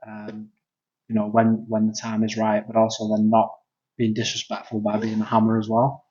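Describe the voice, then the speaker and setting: Flat-voiced Mancunian co-host. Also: male voice, fairly low pitch, moderate pace. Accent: Northern English, Manchester. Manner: earnest, explaining, with hedging fillers. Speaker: podcast co-host and grappling coach. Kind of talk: casual chat. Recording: dull lo-fi sound.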